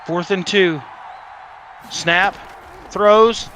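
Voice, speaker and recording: An excitable man calls a college video game football match live, with a high, bright, forceful voice. He jokes between plays and breaks into shouts when scores come. Faint noise sits behind him. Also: moderate pace. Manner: excitable, shouts on big plays, joking asides. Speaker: esports caster. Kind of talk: live play-by-play commentary on a video game stream.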